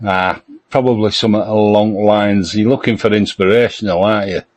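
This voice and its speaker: A man chatting casually on a podcast panel, jokey and quick to laugh. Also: lowish voice, fairly even intonation. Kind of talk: casual chat.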